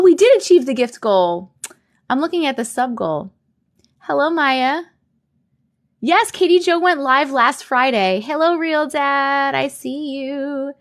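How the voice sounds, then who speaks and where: Upbeat woman host, thirties, bright high voice, reads chat comments on a desk mic. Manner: bubbly, greets viewers by name, reads comments aloud. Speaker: live-stream host. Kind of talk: casual live-stream chat. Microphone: desk condenser mic.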